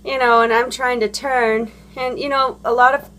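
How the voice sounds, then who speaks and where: A woman's voice: on the high side, little pitch movement, moderate pace, a bit bright. A woman and parent ranting about other drivers in a casual, rambling monologue, blunt and profane, full of fillers and restarts. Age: adult parent. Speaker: vlogger.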